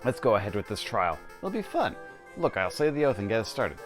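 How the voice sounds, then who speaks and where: A man's voice: fairly low pitch, sing-song, a little fast, faint music behind. A man reading game dialogue as a pompous, easygoing king with a genteel, dismissive manner. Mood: airy.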